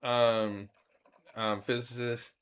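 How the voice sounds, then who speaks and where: A man of ordinary pitch co-hosting a relaxed chat show. He explains physics in a halting way, full of pauses and restarts. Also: clean tone. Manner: halting, lots of ums and restarts. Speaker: podcast co-host explaining science. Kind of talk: casual chat.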